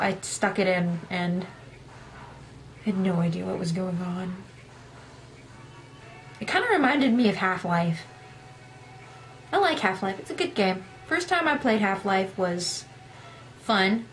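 A woman's voice: medium pitch, lively intonation, measured pace, pauses often, faint music behind. A young woman telling a rambling, self-deprecating story in a casual vlog, acting out her own past lines. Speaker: gaming vlogger.

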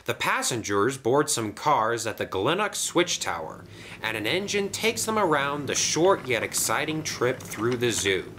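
A man narrating a children's toy train story in an expressive storybook style. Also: medium pitch, measured pace, slight background noise. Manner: lively, expressive.

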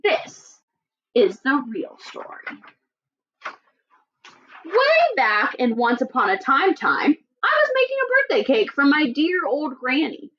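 A woman's voice: sits high, slow pace, pitched above the performer's own voice, exaggerated voice. A woman reading as a sly, chatty storybook wolf. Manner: lively, storytelling, playfully indignant. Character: sly, chatty male wolf telling his side. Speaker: teacher. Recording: dull lo-fi recording.

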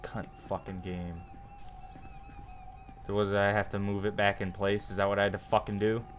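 A man's voice: fairly low pitch, little pitch movement, moderate pace, faint music behind. A young man streaming a game live, ranting irritably with constant swearing. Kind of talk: live gameplay commentary. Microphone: desk mic with facecam.

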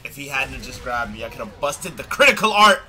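A young man streaming a fighting game, commenting live with excitable yelps and trash talk. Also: mid-range voice, moderate pace, soft background music.

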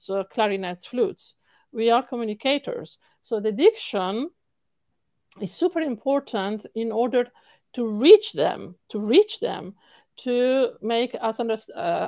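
Singing coach, woman, Italian accent, higher voice, animated and emphatic, given to repeating words, dry recording. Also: unhurried, no echo. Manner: animated, repeats words for stress, laughs often. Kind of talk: interview answers.

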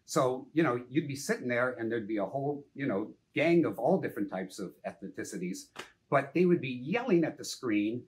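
An older man, a film director, telling anecdotes in a casual interview, lively and full of "you know" and the odd curse. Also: medium pitch, normal speed, slight background noise. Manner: animated, anecdotal, frequent "you know", some swearing.

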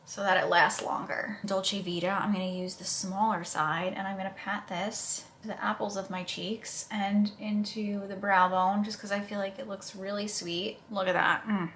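A woman's voice: mid-range voice, flat delivery, moderate pace, hardly any pauses, a bit bright, a little hiss or hum. A woman vlogger talking casually through her makeup routine, chatty and self-deprecating as she narrates each step. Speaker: beauty vlogger. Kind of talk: casual makeup tutorial chat.

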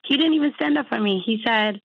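A woman calling in to an advice show, talking hesitantly and haltingly about a painful family matter. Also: on the high side, vocal fry, slightly rough, dry recording, phone-quality sound. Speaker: caller. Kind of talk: call-in conversation.

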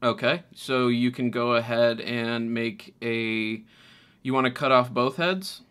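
A man's voice: mid-range voice, fairly even intonation, takes it slowly, a bit bright, clear, resonant tone. A man running a tabletop game as game master, describing scenes hesitantly with many fillers and restarts.

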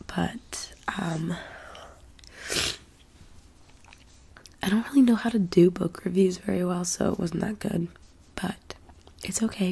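A young woman who is sick with the flu, talking in a soft-spoken, half-whispered ASMR ramble full of fillers. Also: fairly low pitch, vocal fry, breathy edge. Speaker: ASMR channel host.

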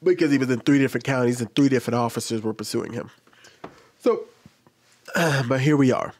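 A man's voice: medium pitch, fairly quick, a little mellow. A young adult man commenting on a news story in an exasperated, lecturing way, repeating his pleas. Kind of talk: reaction commentary.

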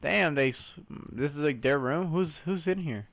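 A man streaming a story game, reacting excitably, exclaiming, swearing and calling the viewer "bro" all the time. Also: a little high, moderate pace, creaky, noisy background. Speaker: gaming streamer. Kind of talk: let's play commentary.

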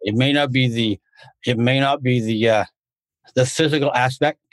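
A man's voice: medium pitch, fairly even intonation, moderate pace, dry recording. A man talking as a podcast guest, a martial arts instructor in casual conversation, who rambles through stories and restarts his sentences. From United States. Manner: rambling storyteller, restarts often.

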